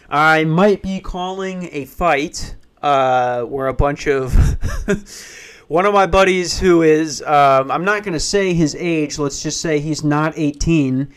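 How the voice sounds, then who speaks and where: A man in his twenties from western Pennsylvania hosts a solo podcast from a small back office, ranting casually, swearing and laughing at his own jokes. His voice is on the high side, animated, slow-paced, a bit bright and clean.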